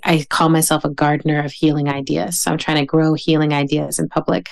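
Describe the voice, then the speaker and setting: A woman from the American South, a writer speaking as a podcast guest in a thoughtful, measured way. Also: low-pitched, creaky. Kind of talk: reflective podcast conversation.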